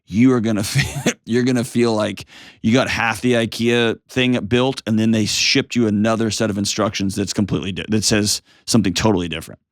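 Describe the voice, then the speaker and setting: A man in his forties hosting a call-in advice show, calm, reassuring and emphatic as he coaches a caller. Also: fairly low pitch, a little fast, no echo, clean studio sound. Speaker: host.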